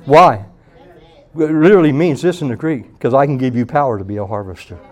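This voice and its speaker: A man preaching at a church meeting, telling a story and acting out the voices of the people in it with loud bursts. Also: mid-range voice, fairly quick. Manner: animated, acts out quoted voices loudly. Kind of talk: sermon with storytelling.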